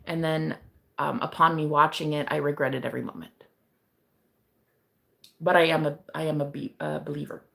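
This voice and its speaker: A woman's voice: sits low, flat delivery, moderate pace, gravelly, long pauses, a bit bright. A young woman hosting a casual livestream as a psychic reader. She chats with viewers, laughs often and swears casually.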